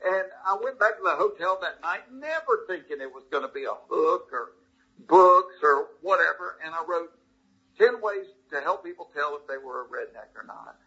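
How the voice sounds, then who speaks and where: A man in his sixties with a thick Southern drawl, spinning folksy stories in an animated way as a guest in an interview. His voice is very husky and raspy, with a sharp, bright edge and a fairly high pitch. The sound is slightly dull and lo-fi. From Georgia, US. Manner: animated, folksy anecdotes with quick restarts. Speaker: comedian guest. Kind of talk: casual interview storytelling.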